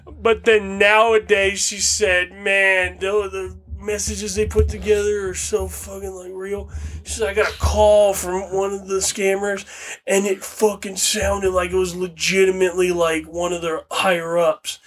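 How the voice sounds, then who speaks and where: A young man with a fairly high, bright voice talks slowly and swears constantly as he co-hosts a podcast. He tells stories with plenty of laughter. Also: level tone. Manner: profane, laughing storyteller. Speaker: podcast co-host. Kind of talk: crude casual podcast banter.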